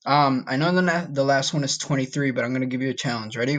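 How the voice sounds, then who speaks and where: A man teaching a recorded Spanish lesson to students, encouraging and casual, slowing down to model each word. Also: mid-range voice, a bit bright. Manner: encouraging, talks straight to students, repeats words slowly to model pronunciation.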